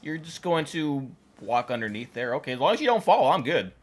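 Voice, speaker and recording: A woman's voice: a bass voice, very animated, brisk. A woman hosting a reaction video, exclaiming, cooing and laughing as she comments on funny animal clips. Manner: laughs often.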